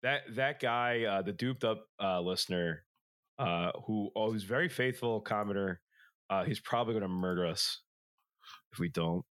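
A hoarse young man co-hosting a podcast, chatting casually with rambling asides and jokes. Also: fairly low pitch, moderate pace, fairly bright tone, no echo, studio quality. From Philadelphia area. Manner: rambling, filler-heavy, joking. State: hoarse after illness. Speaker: podcast co-host. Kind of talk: casual chat.

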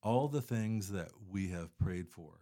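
A man's voice: sits low, expressive, unhurried, mellow. A man talking casually as a guest about charity work, rambling with many fillers and restarts. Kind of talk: casual conversation.

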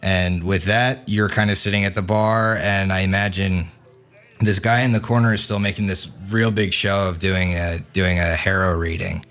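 Male game master, casual narration, low voice, light music behind. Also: level tone, moderate pace, fairly bright tone. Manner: casual, hesitant with fillers.

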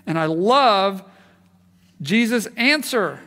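A man preaching a sermon in an animated way, acting out the voices he quotes. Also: very high voice, unhurried, big-room sound. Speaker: pastor.

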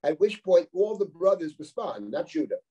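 Rabbi teaching scripture, middle-aged man, dark low-toned voice, talks it through like a chat, reads and translates Hebrew lines. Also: big pitch swings, moderate pace, slightly rough, highs cut off. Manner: reads Hebrew verses aloud and translates them line by line; conversational, explanatory, with rhetorical questions. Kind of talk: live text-study lecture.

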